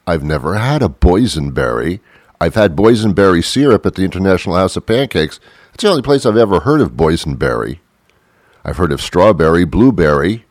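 A man with a very low, deep voice talks through a wry, rambling comic monologue, slipping into little acted-out exchanges between made-up characters. The sound is dry and close, with no room around it. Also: no room sound. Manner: wry, rambling, acts out both sides of imagined dialogues. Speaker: radio show host.

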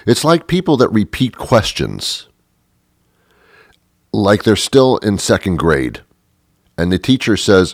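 A man's voice: lowish voice, sing-song, slow pace, long pauses, no echo. A man, a radio host, delivering a rambling, sarcastic, exasperated comic monologue into a close studio mic. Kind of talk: comedic monologue.

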